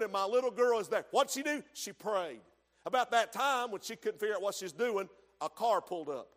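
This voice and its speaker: Male preacher with a very high voice, shifting from hushed storytelling to shouts, long church reverb. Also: animated, fairly quick. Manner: storytelling preacher, swings from quiet asides to shouted emphasis. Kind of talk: sermon.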